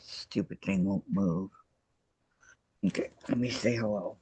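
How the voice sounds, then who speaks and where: A man hosting a crafting video call, chatting casually and laughing often, with his voice going hoarse. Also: sits low, unhurried, slight background noise. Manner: chatty, laughs often, greets viewers warmly. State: losing his voice. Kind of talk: casual chat while crafting. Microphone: computer microphone on a video call. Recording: dull lo-fi video call audio.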